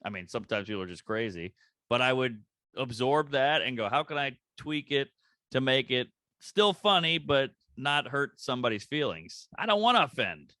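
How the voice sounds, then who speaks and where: A man's voice: medium pitch, moderate pace, no echo. A man, a comedian guest on a podcast, telling stories in casual chat and acting out the people he quotes in shifting voices. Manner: animated storyteller, acts out quotes in shifting voices. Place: comedy club green room.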